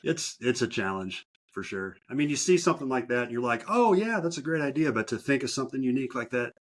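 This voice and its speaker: A man hosting an interview podcast, chatting and telling stories in a relaxed way. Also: medium pitch, fast. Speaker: podcast host. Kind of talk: casual interview chat.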